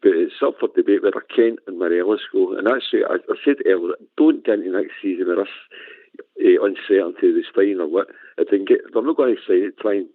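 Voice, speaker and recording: A man's voice: deep voice, no echo. A man on a radio phone-in, speaking steadily and often saying you know. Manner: measured, lots of you know. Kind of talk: casual phone-in chat. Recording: tinny phone line.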